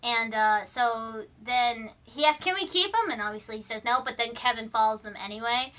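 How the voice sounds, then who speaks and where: A woman's voice: a little high, steady tone, normal speed, a bit bright. A young woman vlogging from her room, casually retelling a film's plot with lots of fillers and restarts. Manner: rambling, full of fillers and restarts. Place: room at home.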